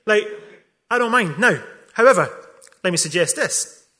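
High, bright-voiced man preaching a sermon. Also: lively intonation, normal speed. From not from England. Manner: emphatic, rhetorical questions, wry asides. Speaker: pastor.

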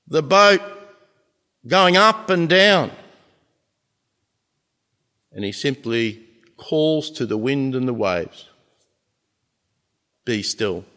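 A man preaching a sermon as a pastor, earnest, with emphatic pauses and swells in volume. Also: on the high side, fairly bright tone. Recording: long reverb of a large hall.

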